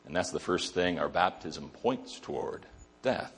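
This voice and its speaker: A man's voice: rumbling low, lively intonation, measured pace. A male pastor preaching a sermon in an emphatic way, repeating key phrases.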